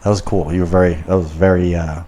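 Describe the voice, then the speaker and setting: A man's voice: low-pitched, level tone, fast talker, dark tone, slight background noise. A man hosting a podcast in casual chat, rambling and swearing a lot. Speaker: podcast host.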